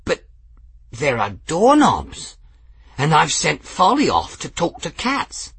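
A man doing a mild, apologetic gentleman mage. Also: a little high, slow pace, creaky, slightly rough, no echo, pitched above the performer's own voice, exaggerated voice. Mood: flustered. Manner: apologetic, calm.

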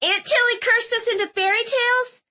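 A woman voicing a panicked young woman trapped in a tower, shrill, snappish and teary. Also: fairly even intonation, moderate pace, sharp tone. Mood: frantic.

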